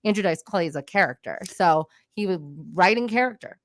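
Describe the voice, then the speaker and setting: A woman who is a stand-up comedian, talking frankly and quickly as a guest in a radio studio. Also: medium pitch, expressive, no room sound. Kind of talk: casual studio chat.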